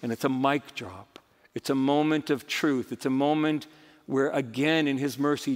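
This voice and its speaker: A man's voice: medium pitch, in a large hall. A male pastor preaching a sermon with emphatic, rising and falling delivery. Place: church sanctuary.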